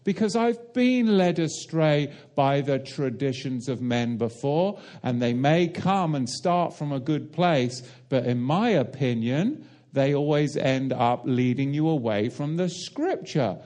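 A man's voice: mid-range voice, expressive, unhurried, a little mellow. A man preaching a sermon, emphatic and direct, asking the listeners rhetorical questions and explaining Hebrew and Greek terms.

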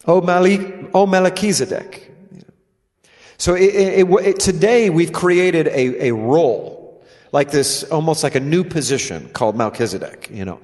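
A man's voice: on the high side, animated, moderate pace, darkish tone. A man co-hosting a scripture discussion, explaining emphatically and restarting his phrases. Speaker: co-host. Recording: long hall reverb.

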